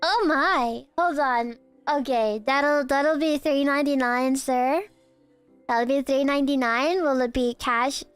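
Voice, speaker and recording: A young woman streaming live, who teases her chat in a giggly, playful way while pretending to be a barista and sometimes breaks into squeaky outbursts. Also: unhurried, no room sound, faint music behind.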